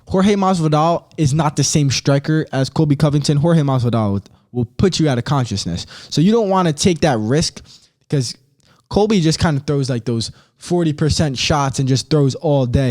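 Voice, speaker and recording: A young man talking on his own podcast in a casual, slangy way, getting worked up as he tells a story. His voice sits a little higher than most men's. He gets excitable and animated as he goes. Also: normal speed. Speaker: podcast host. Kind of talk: casual solo podcast chat.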